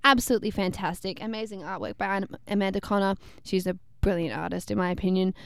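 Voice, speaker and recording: A woman chats eagerly about comics, full of fillers and quick asides. Her voice is smooth and clear. It is recorded close and dry. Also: mid-range voice, fairly bright tone, no room sound. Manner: enthusiastic, chatty, many fillers. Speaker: podcast co-host. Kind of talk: casual pop-culture chat.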